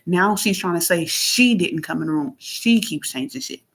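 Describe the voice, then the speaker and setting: A woman venting in a casual monologue into her phone, blunt and heavily profane, moving between heated outbursts and low murmurs. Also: lively intonation, moderate pace, slightly rough. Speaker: vlogger.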